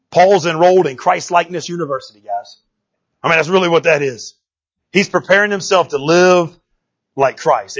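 High-voiced, husky man preaching. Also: dull audio. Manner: lively and conversational, often asking "right?". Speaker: pastor. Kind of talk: sermon.

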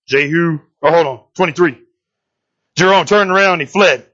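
This preacher's voice is a little high and fairly bright, and his pace is moderate. He tells a Bible story casually as a sermon, adding slangy jokes along the way, and the recording is dull and lo-fi.

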